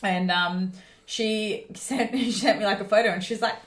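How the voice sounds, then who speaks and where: A woman co-hosting a podcast as a fitness coach, chatting casually, blunt and swearing freely, telling stories with animated quoting. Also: medium pitch, moderate pace, echoey room. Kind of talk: casual chat.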